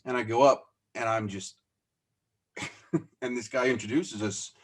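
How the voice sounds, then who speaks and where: A man's voice: medium pitch, unhurried. A man, a podcast guest and business owner, telling stories in a casual interview, acting out the dialogue and laughing at himself as he goes. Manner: animated, acts out quoted dialogue; self-deprecating, laughs as he talks.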